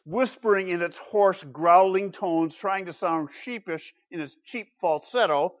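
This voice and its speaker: Higher-voiced male preacher, dramatic delivery. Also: a little slow, hardly any pauses. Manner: dramatic, rhetorical, big swings in loudness. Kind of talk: sermon. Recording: dull lo-fi recording.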